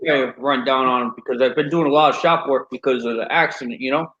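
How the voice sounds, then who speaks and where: A man's voice: mid-range voice, steady tone, quick pace, a bit bright. A man chatting in a laid-back way as a guest calling into a live stream. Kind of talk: casual call-in chat. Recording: dull lo-fi call audio with faint noise.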